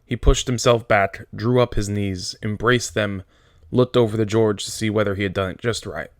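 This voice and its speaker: A male teacher reading a novel aloud to his class in a steady, plain storytelling manner. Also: on the low side, normal speed, no room sound, clean studio sound.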